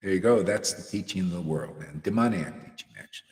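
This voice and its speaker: A man giving a casual devotional talk, animated and slangy, often laughing and calling people "man". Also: deep voice, fast talker, in a large hall. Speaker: spiritual teacher.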